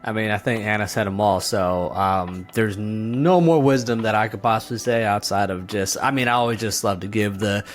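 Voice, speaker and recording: A man's voice: on the low side, fairly even intonation, normal speed, few pauses, faint music behind. A man co-hosting a podcast, chatting casually in a laid-back way. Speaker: podcast co-host.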